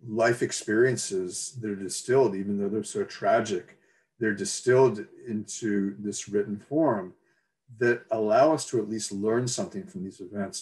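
A man giving an academic talk, measured and reflective, reading excerpts aloud with occasional fillers. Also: lowish voice, a little mellow. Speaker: lecturer.

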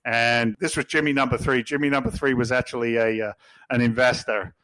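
A man's voice: medium pitch, steady tone, fairly quick, a bit bright, no room sound, low-quality recording. A middle-aged man with an English accent, a podcast guest telling stories in a blunt, jokey, swearing way. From England. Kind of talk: casual storytelling.

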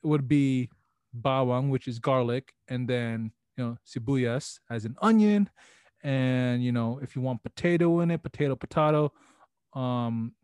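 A man's voice: medium pitch, unhurried, darkish tone, smooth, no echo, clean studio sound. A young man hosting a casual podcast chat, slangy and full of swearing, often restarting his sentences. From Filipino family background. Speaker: podcast host.

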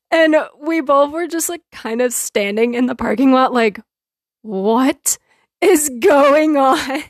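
A woman hosting a podcast, telling a funny story in a casual, animated way and often laughing. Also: on the high side, no room sound, clean studio sound. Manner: animated, laughing often, quotes herself and others. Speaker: podcast host.

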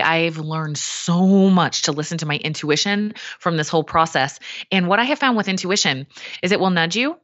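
A woman talking as a guest on a podcast, lively and animated, acting out her own inner voices as she tells stories. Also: low voice, no echo, dull audio. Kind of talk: casual podcast conversation.

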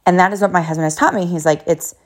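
A woman's voice: on the low side, very fast. Chatty mother telling a family story. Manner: chatty, many "like" fillers, quotes others in animated voices. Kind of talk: casual storytelling to viewers.

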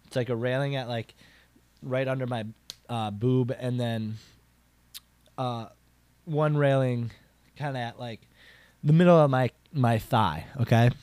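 A man's voice: unhurried, pauses often, clear, resonant tone, no echo. Rambling young man telling a story. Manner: rambling, filler-heavy with frequent "like" and restarts; animated, jumps up in pitch for emphasis. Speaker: podcast host. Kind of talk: casual storytelling monologue.

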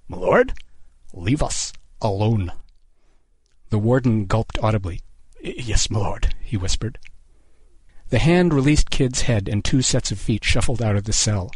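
A man reading a short story aloud as narrator, in a steady, measured way. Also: on the low side, husky, no echo.

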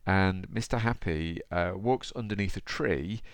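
Podcast guy chatting to the listener, super low voice, dry close mic. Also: unhurried, no room sound. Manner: chatty, conversational, addresses the listener directly. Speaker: podcast host. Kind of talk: motivational podcast talk with storybook reading.

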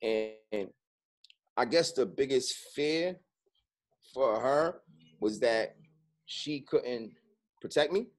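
A man's voice: mid-range voice, lively intonation, slow, pauses often. A man, a guest speaking candidly and profanely in an interview, with constant "you know what I'm saying".

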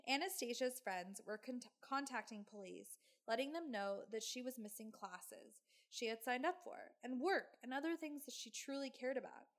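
Woman, podcast host, true crime storytelling, casual, sarcastic, fry in the voice. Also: a little high, lively intonation, normal speed, hardly any pauses. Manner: casual, swearing, sarcastic asides.

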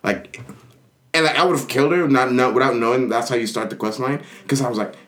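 A man in casual gaming chat tells long, animated stories and keeps jumping into silly voices for the characters. His voice sits mid-range, with faint background noise under the recording. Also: medium pitch, fast talker. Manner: animated storyteller, acts out game characters in funny voices.

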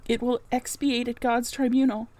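A woman reading a passionate Victorian gentleman. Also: on the high side, little pitch movement, normal speed, lightly acted, rough recording. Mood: impassioned. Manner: earnest, pleading, intense. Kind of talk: audiobook character reading.

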